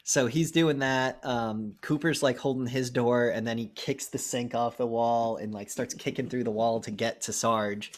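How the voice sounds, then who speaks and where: Young male podcast co-host, middle pitch, casual and profane, lively scene-by-scene movie recaps. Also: moderate pace, hardly any pauses. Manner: profane, animated retelling with acted-out lines.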